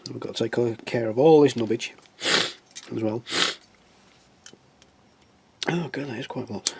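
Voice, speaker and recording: A man's voice: medium pitch, unhurried, vocal fry, long pauses, slight background noise. A man with a stuffy nose, chatting in a casual, self-mocking way as he works on a scale model. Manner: chatty, self-mocking, talks to himself while working. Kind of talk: casual hobby tutorial chat.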